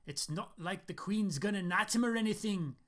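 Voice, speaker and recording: A man's voice: high voice, moderate pace, fairly bright tone, pitched above the performer's own voice. A man voicing a dry, teasing middle-aged male artist with a Scottish accent, reading from a story. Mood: scoffing. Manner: wry, scoffing.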